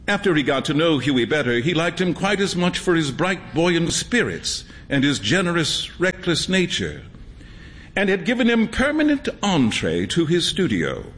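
A man narrating a storybook reading in an expressive, measured storytelling manner. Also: fairly high pitch. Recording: long hall reverb.

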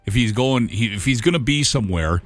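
A man's voice: mid-range voice, animated, a little fast, faint music behind. A man co-hosting a radio show, conversational and agreeable, chiming in and laughing along. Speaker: radio co-host. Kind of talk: casual radio banter.

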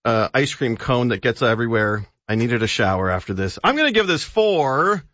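A man's voice: medium pitch, big pitch swings, moderate pace, fairly bright tone, no echo, lo-fi sound. A male radio co-host chats casually about movies and TV and laughs easily. His voice comes across dry and close, with slightly dulled broadcast audio.

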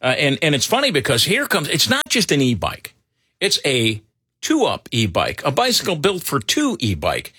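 A man's voice: fairly high pitch, wildly swooping pitch, normal speed, sharp tone, husky, dry recording, studio quality. A middle-aged man hosting a talk show in casual, rambling banter full of fillers. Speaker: radio show host.

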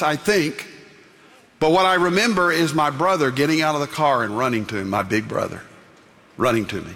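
A pastor with a medium-pitched, fairly bright voice delivers a sermon, first telling a personal story and then preaching emphatically. The recording carries a long hall reverb.

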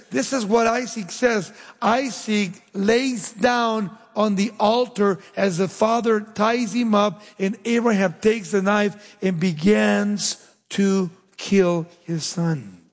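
High husky preaching man, hall echo. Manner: emphatic preaching, dropping low and slow for weight. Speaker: pastor. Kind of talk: sermon.

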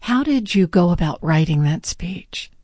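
Woman interviewer, mellow tone, lowish pitch, calm questions. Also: a little slow, no echo, clean studio sound.

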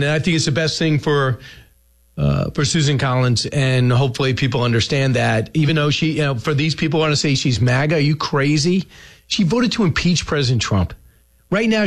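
A man hosting a talk show, giving combative, opinionated political commentary with sarcastic asides. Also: fairly high pitch. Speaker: radio host.

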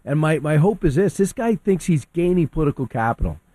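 A man arguing his views as a guest on a radio talk show, heated and fast-thinking, often restarting and repeating words. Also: fairly high pitch, animated, dark tone, dry recording. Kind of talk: opinionated talk radio discussion.

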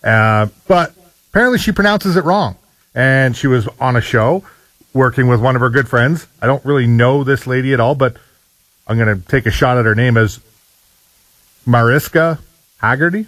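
A man's voice: medium pitch, moderate pace, a bit bright, dry recording, rough recording. A man co-hosting a morning radio show, chatting casually and laughing easily. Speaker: radio co-host.

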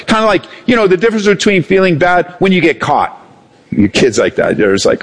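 Animated preacher with a lively voice. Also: male voice, high voice, fairly quick. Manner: animated preaching, swings between raised and hushed delivery, acts out quoted voices. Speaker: pastor. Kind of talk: sermon.

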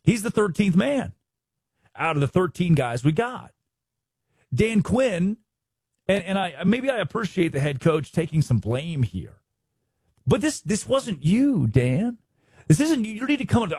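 A man hosting a sports talk show, giving animated, opinionated commentary and mocking the people he talks about. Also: fairly high pitch, normal speed, long pauses, slightly rough, no room sound. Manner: animated, mocking impressions of others.

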